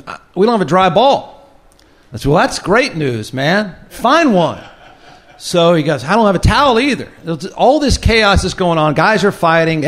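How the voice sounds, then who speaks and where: A man who hosts the show, telling an old football story to a live audience and acting out the voices in it. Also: a little high. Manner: lively, acts out quoted voices. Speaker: host, former football kicker.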